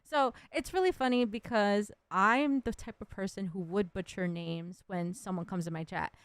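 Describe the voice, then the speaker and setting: A woman hosts a relaxed interview over a video call, friendly, giggly and loose in phrasing. Her voice is smooth and mid-pitched, recorded close and dry. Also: normal speed, no echo. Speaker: podcast host. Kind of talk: casual interview.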